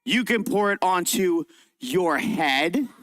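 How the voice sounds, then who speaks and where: A young man hosts a children's science show with bright enthusiasm, coaxing the kids to join in. His voice sits on the high side for a man. The sound is close and dry, with little room echo. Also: slow pace. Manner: lively, encouraging, talks to a young audience. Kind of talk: interactive kids' science show and storytelling. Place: library event room.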